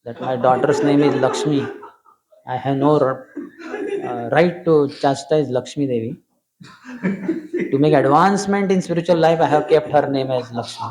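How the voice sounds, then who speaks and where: A man's voice: medium pitch, darkish tone. A middle-aged Indian man with an Indian English accent, teaching a scripture class in a humorous, explanatory way and slipping into Hindi asides.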